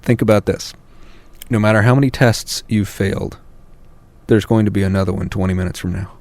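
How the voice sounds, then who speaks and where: A man's voice: fairly low pitch, steady tone, a little fast, darkish tone, no echo. An American man, a parenting author, answering a radio interviewer in an earnest way that builds to emphatic peaks.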